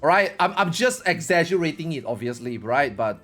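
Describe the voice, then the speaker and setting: A man's voice: fairly high pitch, animated, brisk, a bit bright, faint music behind. A male gaming streamer giving a casual opinion rant, rambling, repetitive and emphatic.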